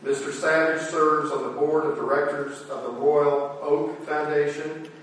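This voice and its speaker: A man introducing a speaker at a conference, reading the bio in a formal, measured way. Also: a little high, fairly even intonation, a bit bright. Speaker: event host introducing a speaker. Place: lecture hall. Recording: roomy hall from far off.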